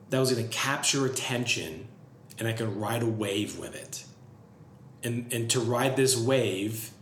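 A man's voice: mid-range voice, a bit bright, a little hiss or hum. Rambling man in an echoey room. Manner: filler-heavy, profane, enthusiastic. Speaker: business vlogger. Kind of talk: casual rambling monologue. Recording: roomy echo, faint ambience.

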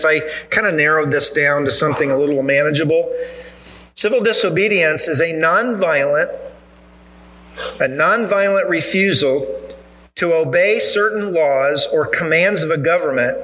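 A man's voice: on the high side, normal speed, bright, forceful tone, rough recording. A male pastor preaching a sermon in church, earnest and emphatic, driving points home with repetition.

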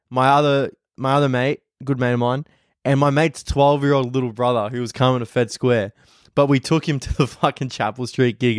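A man's voice: medium pitch, smooth, dry recording, studio quality. A young Australian man, a comedian, telling rambling, profane stories in a casual podcast monologue from home.

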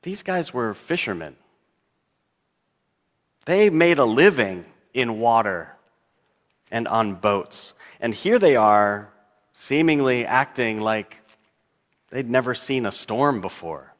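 Male pastor preaching, slow and musing, mid pitch, big church echo. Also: animated, fairly bright tone. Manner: reflective, musing, wondering aloud; reads scripture in a slow, measured cadence. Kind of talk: sermon. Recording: long reverb of a church hall.

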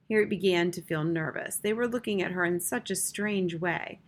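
A woman reading a children's novel aloud with expressive, measured narration. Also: fairly low pitch. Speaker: audiobook reader. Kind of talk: storybook narration.

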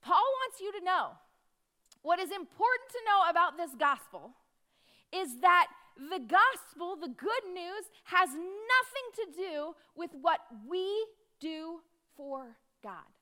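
A woman preaching a sermon in a conversational, emphatic way, with dramatic pauses on key words. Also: extremely high pitch, lively intonation, bright, forceful tone.

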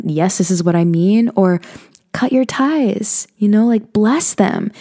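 A woman's voice: medium pitch, mellow. Earnest woman hosting a spiritual talk. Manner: earnest and conversational, with frequent "you know" and "like". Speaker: podcast host. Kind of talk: casual spiritual self-help talk.

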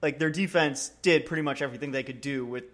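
A man's voice: mid-range voice, fast, a bit bright. A man co-hosting a podcast, talking loosely about college football with lots of fillers. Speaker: podcast co-host. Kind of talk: casual sports chat.

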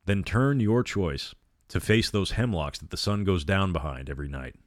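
A man's voice: sits low, expressive, normal speed, dry recording, clean studio sound. A man voicing a silky, cruel vampire. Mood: silky menace. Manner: gentle, silky, quietly threatening. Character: sly cruel male vampire, soft and menacing.

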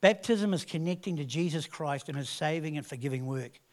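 Male pastor, sermon, fairly high voice, earnest, conversational, swelling emphasis. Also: fairly quick, darkish tone. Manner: earnest, conversational preaching with restarts and swells in volume.

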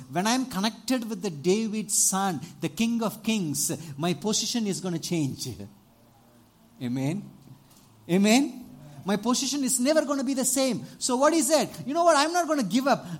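A man preaching a sermon, animated, often asking the congregation for amens and rising to loud exclamations. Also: high-pitched, a little slow. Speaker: pastor.

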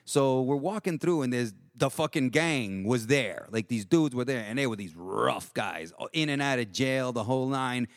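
A middle-aged New man tells a long, rambling story with plenty of cursing. His voice sits at a middle pitch, recorded close and dry. He talks casually, stopping to restart his sentences. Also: animated, moderate pace, hardly any pauses, dry recording. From Jackson Heights, New York. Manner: profane, rambling, acts out voices.

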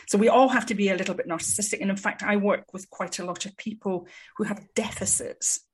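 A woman, a psychologist, explaining her field in a measured, articulate way with frequent ums. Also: medium pitch, fairly even intonation, breathy edge. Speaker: psychologist guest. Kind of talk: conversational expert explanation.

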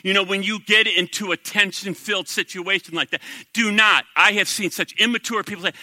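Preaching to his congregation, this middle-aged man keeps things animated and chatty, throwing out one rhetorical question after another. He speaks with a high-placed voice at a fairly quick clip, captured with no echo.

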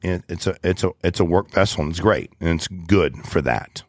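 A man's voice: sits low, moderate pace, no room sound, studio quality. A man in his forties talking casually in an interview, rambling and blunt, full of slang like "dude" and "ain't". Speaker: guest, business owner.

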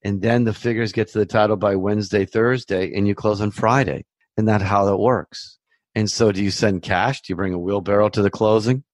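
A man's voice: on the low side, steady tone, brisk, dry recording. A man hosting a podcast, giving casual, reassuring advice in a chatty monologue that often repeats itself. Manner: chatty, reassuring, repeats himself, conversational asides. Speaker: mortgage loan officer hosting a podcast.

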